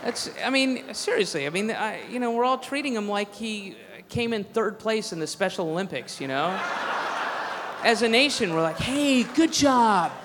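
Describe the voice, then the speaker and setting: A man's voice: sits high, animated, moderate pace. A man doing a stand-up set, ranting in a profane, sarcastic way. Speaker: stand-up comedian. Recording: echoey hall with faint crowd.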